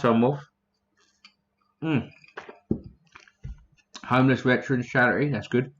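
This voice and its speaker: A man's voice: fairly low pitch, a bit bright, muffled recording. A man hosting a casual livestream, reading chat names aloud in a blunt, profane way.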